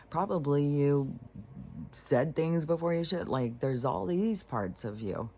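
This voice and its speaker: A woman's voice: a bass voice, a little mellow. Candid rambling woman musing aloud. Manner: candid, rambling, mocks serene voices in breathy whispers. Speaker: vlogger. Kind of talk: casual spoken monologue.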